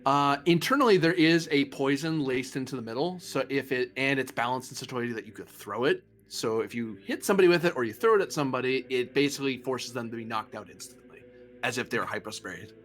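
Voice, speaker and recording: A man's voice: mid-range voice, a bit bright, soft background music. Man game-mastering a sci-fi tabletop game. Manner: laughs often, fills pauses with uh. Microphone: streaming mic.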